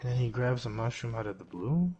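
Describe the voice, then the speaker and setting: A young man giving live gameplay commentary as a streamer, excitable, yelping and swearing at the game. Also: mid-range voice, fairly quick, muffled recording, a crowd in the background. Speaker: gaming streamer.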